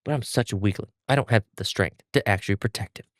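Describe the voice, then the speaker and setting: A man voicing a cowardly teenage swordsman who whines and yelps in panic, in a high nasal voice. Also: fast talker, no echo, clean studio sound, close to an everyday voice. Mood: sobbing. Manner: panicky, yelping. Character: cowardly teen boy swordsman, shrieking and whiny.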